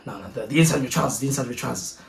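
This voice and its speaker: A man's voice: medium pitch, very fast, gravelly, far from the mic, pitched below the performer's own voice, close to an everyday voice. A man quoting a curt, suspicious police officer in an echoey room. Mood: insistent. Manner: curt, repetitive demands.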